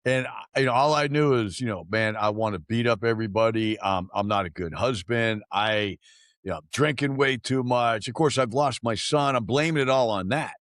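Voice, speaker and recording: A man's voice: mid-range voice, moderate pace, a bit bright, no room sound, studio quality. A man hosting a podcast, chatting casually, laughing often and saying dude and bro. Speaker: podcast host. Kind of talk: casual interview chat.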